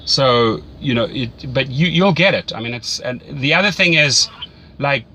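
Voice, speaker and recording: A man's voice: medium pitch, animated, measured pace, pushed and bright, slight background noise. A man with a South African accent mentoring a rideshare driver in casual, enthusiastic chat, often repeating words as he thinks.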